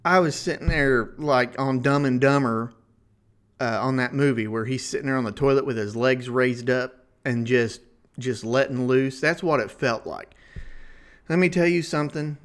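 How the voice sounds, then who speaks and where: A man from Ohio with a rural Ohio River valley accent, casually telling a comic travel story as a podcast host, folksy and animated. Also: mid-range voice. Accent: Ohio River valley, rural Midwestern. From Ohio, USA. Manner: folksy, chuckling, animated retelling.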